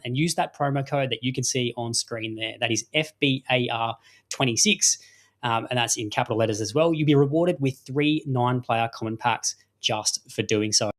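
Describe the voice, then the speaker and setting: An Australian man hosts a live fantasy sports show in a chatty, upbeat manner. His voice sits at a middling pitch for a man, and he runs through plugs and apologies in easy patter. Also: a bit bright. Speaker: podcast host.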